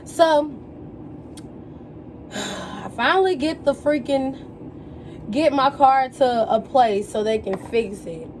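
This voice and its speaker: A young woman tells a story as she gets ready, in a casual, animated way. Her voice sits high, and she keeps slipping into slangy quoted exclamations. A faint hum of the room stays behind her. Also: takes it slowly, long pauses. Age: young adult. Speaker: vlogger.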